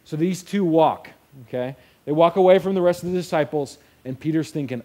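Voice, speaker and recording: A man's voice: a little high, brisk, a little mellow. A young man preaching a sermon in a casual storytelling way, acting out the quotes. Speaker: pastor.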